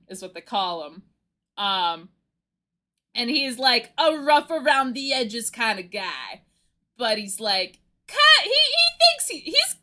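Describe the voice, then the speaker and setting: A woman streamer chatting casually on a livestream, telling a rambling, animated story and often giggling. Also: mid-range voice.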